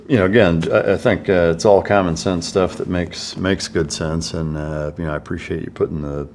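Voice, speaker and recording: A man hosting a podcast interview, talking in a relaxed, casual way with blunt, profane remarks. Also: low-pitched, normal speed, slight background noise. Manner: laid-back, profane, thoughtful asides. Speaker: podcast host.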